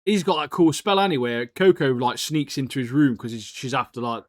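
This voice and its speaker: Bantering about anime and TV, this podcast co-host keeps it laid-back and jokey, tacking "mate" onto his phrases. He has a medium-pitched voice, talks a little fast, and the studio sound is clean with no room sound.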